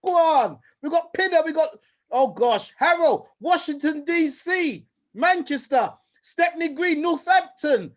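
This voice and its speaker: A man hosting an online event, energetic and playful, rattling off shout-outs over a video call. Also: extremely high pitch, a little slow. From United Kingdom. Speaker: host.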